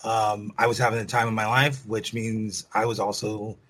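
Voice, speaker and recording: Husky middle-aged man, swearing. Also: lowish voice, flat delivery, normal speed, a bit bright, low-quality recording. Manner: profane, rambling, many "you know" fillers. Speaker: rock band lead singer, guest. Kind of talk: casual interview storytelling.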